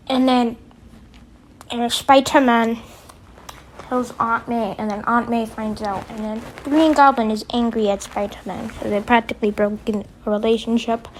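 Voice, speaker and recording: A woman casually telling a story in a rambling, halting way with many restarts. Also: fairly high pitch, poor audio.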